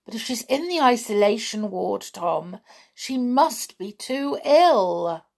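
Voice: medium pitch, very animated, takes it slowly, slightly rough, voice pushed up, full character voice. Brief: a woman playing a know-it-all girl, sarcastic, self-assured, storybook read-aloud. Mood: bossy. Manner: sarcastic and sure of herself.

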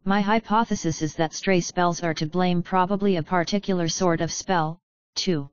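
An earnest young wizard, voiced by a woman narrator explains his ideas with eager focus. The voice is smooth and lowish. The recording is dry and slightly dull. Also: steady tone, moderate pace, no room sound, natural voice.

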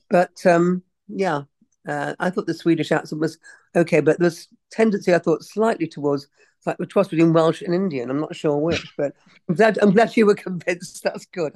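A woman's voice: deep voice, normal speed, darkish tone, no room sound. A woman in her sixties from England, an actress chatting casually in an interview, digressing often and laughing easily. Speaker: actress guest.

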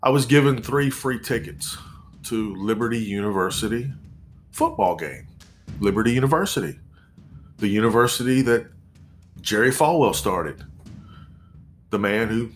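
A man in his forties telling a personal story in a measured, reflective way, pausing and restarting as he goes. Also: mid-range voice, expressive, fairly bright tone, faint music behind.

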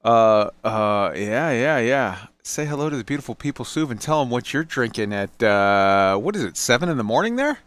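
A man's voice: mid-range voice, expressive, moderate pace, hardly any pauses, fairly bright tone, clear, resonant tone. A man hosting a casual podcast, loose and joking as he introduces his guests over drinks. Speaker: podcast host. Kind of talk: casual chat.

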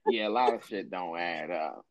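Low-voiced man telling a profane story. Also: moderate pace, no echo, lo-fi sound. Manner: profane, animated storyteller acting out quotes. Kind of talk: casual storytelling chat.

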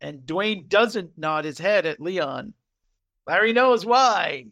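A man's voice: sits high, takes it slowly, creaky. A man co-hosting a podcast, casually recapping a TV episode, acting out the characters' lines and laughing often. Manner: animated retelling, acting out quotes, laughing often. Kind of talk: casual chat.

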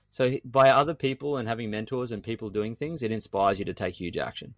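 A middle-aged man, a podcast guest talking in an emphatic, animated way and often repeating himself. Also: medium pitch, fast, few pauses, no echo. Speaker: guest entrepreneur. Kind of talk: podcast conversation.

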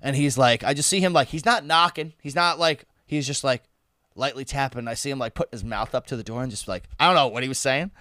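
A man's voice: mid-range voice, fast, pushed and bright, no room sound, studio quality. A man telling a wild party story in casual chat, laughing and swearing freely.

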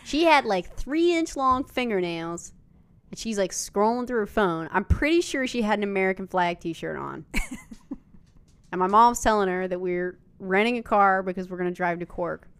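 A young woman co-hosting a podcast, telling stories in an animated, profane, laughing way. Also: mid-range voice, moderate pace, clean tone. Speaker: podcast co-host. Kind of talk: casual storytelling chat.

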